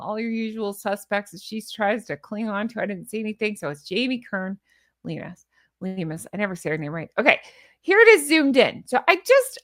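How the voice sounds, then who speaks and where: A woman's voice: a little high, fairly bright tone. A woman vlogger giving casual, sarcastic opinion commentary, rambling with asides and restarts. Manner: chatty, sarcastic, scoffing asides.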